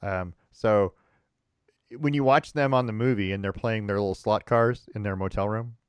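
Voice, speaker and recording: Man, lowish voice, dry close sound, casual rambling sports chat, lots of ums and restarts. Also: moderate pace, clean tone, no echo. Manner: rambling, frequent restarts and fillers, chuckling. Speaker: podcast co-host.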